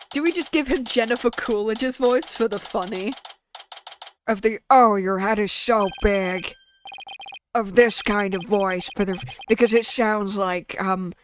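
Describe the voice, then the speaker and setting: A woman's voice: medium pitch, slight background noise. Rambling woman streamer. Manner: rambling, self-interrupting asides. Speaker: game streamer. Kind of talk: casual game commentary.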